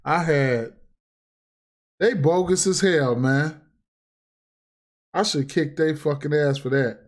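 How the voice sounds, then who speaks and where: A man's voice: a little high, slow. A man ranting casually and profanely on a livestream about sports bets, repeating himself and getting heated. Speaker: sports betting streamer.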